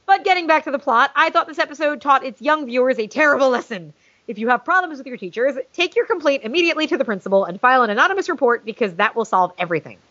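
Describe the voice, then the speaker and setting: A woman's voice: high voice, animated, fast talker, pushed and bright, no room sound. A woman co-hosting a casual podcast, reading a listener email aloud with sarcasm and swearing. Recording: dull lo-fi sound, dry.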